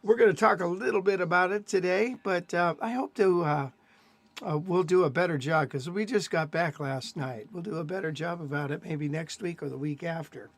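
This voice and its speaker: A man's voice: sits high, normal speed. An older man hosting a live stream, chatting casually and telling rambling stories with plenty of fillers. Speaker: host of a jazz guitar live stream.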